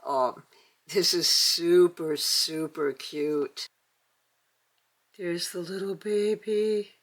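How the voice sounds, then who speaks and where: A woman's voice: fairly low pitch, little pitch movement, extremely slow. An older woman hosting a casual toy unboxing, chatty and gushing, with many fillers. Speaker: toy channel host.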